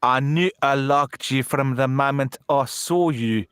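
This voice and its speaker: A man acting out a slow, smarmy stranger in a pub, speaking higher than his own voice. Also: fairly bright tone, clean tone, no room sound, studio quality, natural voice. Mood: creepy.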